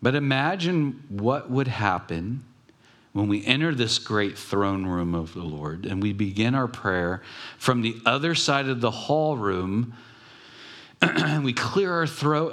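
A pastor giving a conversational sermon, telling stories with pauses and restarts. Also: male voice, mid-range voice, fairly bright tone.

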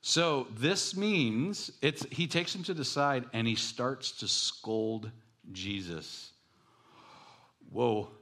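A man's voice: medium pitch, expressive, slow pace, pushed and bright. A man preaching a sermon as pastor, telling stories animatedly with self-deprecating jokes.

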